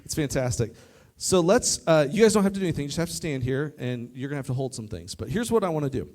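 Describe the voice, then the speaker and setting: A man preaching a youth sermon to a live audience, lively and joking, talking straight to the crowd. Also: on the high side, fast talker. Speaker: youth pastor. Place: church youth service in front of an audience.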